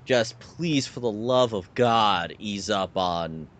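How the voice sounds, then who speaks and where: A man's voice: on the low side, takes it slowly, a bit bright. A man co-hosting a casual podcast chat, animatedly explaining a show and pointing out pictures. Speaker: podcast co-host.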